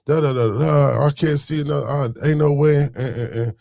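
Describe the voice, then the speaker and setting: A man's voice: a little high, fairly even intonation, moderate pace, creaky, warm tone, no echo. A man telling a story in a casual monologue, full of street slang, repeating phrases as he goes on a rant.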